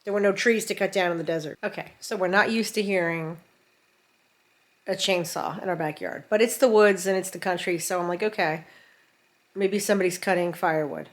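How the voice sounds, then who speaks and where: A middle-aged woman vlogger telling a story from home in a casual, animated way, acting out what people said. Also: lowish voice, fairly quick. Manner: animated, acts out quotes. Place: home in rural mountains.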